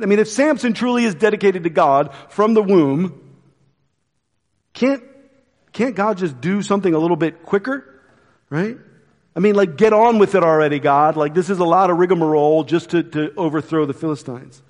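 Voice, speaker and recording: A pastor preaching a sermon in a casual, conversational way with quick asides. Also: male voice, fairly high pitch, big-room sound. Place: church.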